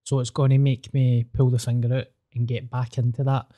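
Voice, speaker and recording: A man's voice: medium pitch, little pitch movement, brisk, mellow, highs cut off. A man with a Scottish accent, hosting a podcast and telling stories in casual, sweary chat. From Scotland. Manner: sweary, storytelling, laughs easily. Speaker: podcast host.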